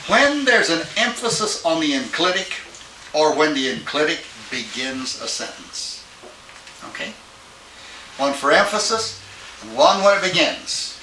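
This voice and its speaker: A man's voice: on the high side, bright, forceful tone. An older man teaching Greek grammar in a classroom lecture, patiently checking in with his students as he goes. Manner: patient, checks in with "all right?". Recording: old tape, roomy and distant with hiss.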